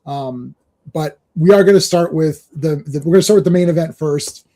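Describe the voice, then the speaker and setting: Excitable high-voiced man chatting about comics. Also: normal speed. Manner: rambling, excited, laughs often. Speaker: podcast host. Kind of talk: casual comics chat.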